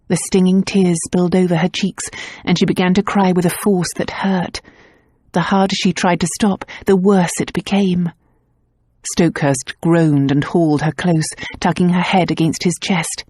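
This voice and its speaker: Woman reading a novel, lowish voice, super dry close sound, steady. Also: husky, no echo. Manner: measured, even storytelling. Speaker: audiobook narrator. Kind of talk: scripted narration.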